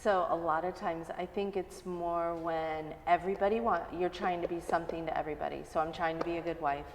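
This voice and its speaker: A woman guest in a casual interview, earnest and animated when telling stories. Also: fairly low pitch, a little fast, long reverb tail, a little hiss or hum.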